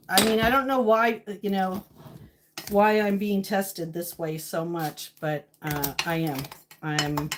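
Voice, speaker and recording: A woman's voice: mid-range voice, background noise. Woman venting to her live-stream chat. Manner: talks to chat viewers by name, emotional and venting. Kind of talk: casual live-stream chat while cooking. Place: home kitchen.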